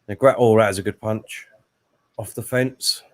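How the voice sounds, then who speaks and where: A man hosting a live watchalong, giving relaxed play-by-play with fillers and asides. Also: fairly low pitch, normal speed. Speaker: host and fight commentator. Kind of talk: casual live watchalong commentary.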